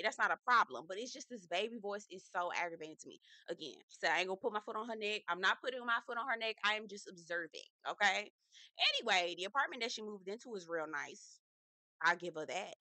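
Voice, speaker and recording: A woman's voice: mid-range voice, bright, forceful tone, no echo. A woman hosting her own casual TV review vlog, chatty and slangy, with emphatic asides to her viewers. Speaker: host.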